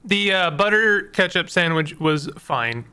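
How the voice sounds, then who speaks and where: A man's voice: high voice, animated, measured pace, sharp tone, clear, resonant tone. A man giving casual, rambling commentary while playing a video game, joking at his own expense. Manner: rambling, self-mocking jokes, laughs often.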